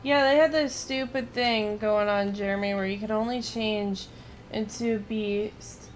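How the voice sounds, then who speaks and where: A woman's voice: mid-range voice, fairly even intonation, a little slow, slight background noise. A young woman giving casual, blunt gameplay commentary, swearing and mocking the game. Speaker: gaming streamer.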